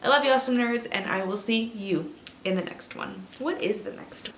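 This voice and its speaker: A young woman in her twenties, a book vlogger, ranting casually about films in an animated, swearing way while a little tipsy. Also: medium pitch, brisk, a little hiss or hum. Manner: animated, swearing, drops to whispers. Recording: echoey room, mic a bit distant.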